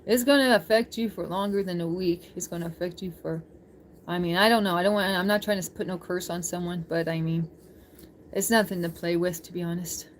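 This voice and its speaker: A woman's voice: lowish voice, fairly even intonation, a little fast, slight background noise. A woman live-streaming, chatting casually with her viewers, laughing often and reading chat aloud.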